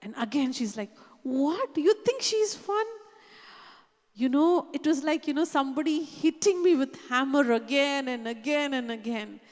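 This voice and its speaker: High-voiced woman preaching in a reverberant hall. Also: normal speed, few pauses. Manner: earnest personal storytelling, frequent "you know". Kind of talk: sermon testimony. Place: church hall.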